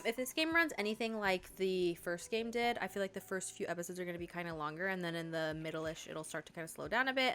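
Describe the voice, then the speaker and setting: A woman's voice: fairly low pitch, a bit bright. A young woman hosting a video game playthrough, chatting casually and reading the game's text aloud. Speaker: gaming video host. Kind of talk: casual let's-play commentary.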